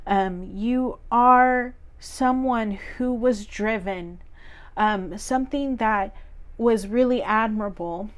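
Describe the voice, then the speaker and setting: Slow, earnest woman reading tarot. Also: on the high side. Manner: gentle, earnest, many fillers and repeated words. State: choked up, teary. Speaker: tarot reader. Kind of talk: solo tarot reading to camera.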